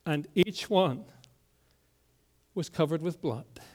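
A middle-aged pastor with a fairly high voice delivers a story-driven sermon. He lets key words fall soft and quiet for weight, then lifts again. The delivery is steady and personal. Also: takes it slowly. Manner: storytelling preacher, drops to a hushed voice on key words.

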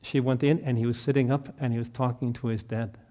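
A middle-aged man preaching a sermon, telling a story that swells to loud, impassioned peaks and sinks back to soft, quiet prayer. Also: mid-range voice, flat delivery, brisk. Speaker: pastor.

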